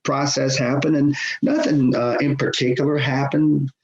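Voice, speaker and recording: A middle-aged man spins a story from his years officiating hockey, talking loosely and laughing between lines at an ordinary pitch. His voice sits in a roomy space that adds echo, and the sound is a bit dull with a faint hiss underneath. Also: normal speed. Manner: animated, acts out quoted voices, chuckles often. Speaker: podcast guest, hockey official. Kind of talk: conversational storytelling.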